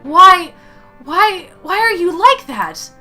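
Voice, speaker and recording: A woman voicing a panicked young woman art student in a game, pleading in a high, shrill voice. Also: sing-song, slow pace, bright, forceful tone, faint music behind, full character voice. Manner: frantic, begging.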